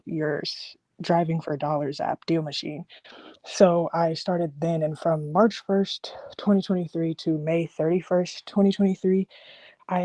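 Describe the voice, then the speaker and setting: Call-in question, hesitant, detailed, mellow voice, dry close sound. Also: medium pitch, dry recording. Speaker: caller asking for advice.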